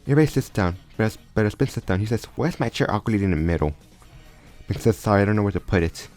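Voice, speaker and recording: A man's voice: lowish voice, lively intonation, very fast, darkish tone. A man casually improvising a story aloud, often stumbling and restarting his sentences. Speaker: storyteller retelling a fan crossover story. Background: faint background music.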